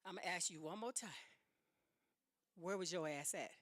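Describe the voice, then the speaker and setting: A woman quoting her angry husband with gruff, menacing demands. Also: lowish voice, normal speed, a bit bright, no echo, studio quality, natural voice.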